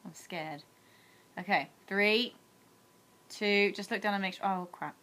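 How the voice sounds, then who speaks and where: Bright chatty young woman doing a daily vlog challenge, giggly, teasing her husband. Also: mid-range voice, a little slow. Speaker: vlogger.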